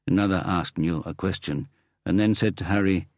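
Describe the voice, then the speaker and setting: A man narrating a crime novel in a measured, expressive reading. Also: sits low, no echo, studio quality. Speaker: audiobook narrator. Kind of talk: scripted narration.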